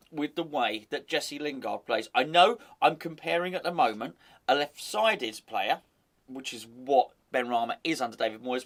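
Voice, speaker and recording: A man's voice: on the high side, fairly bright tone. A man hosting a football fan channel, giving chatty, opinionated commentary with wry asides.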